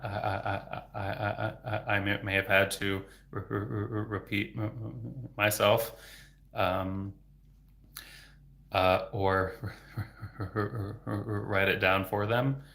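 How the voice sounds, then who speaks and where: A man's voice: on the low side, little pitch movement, slow, vocal fry, pushed and bright. A man who stutters heavily, repeating sounds and words, answering questions casually as a livestream host. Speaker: livestream host and speech therapist.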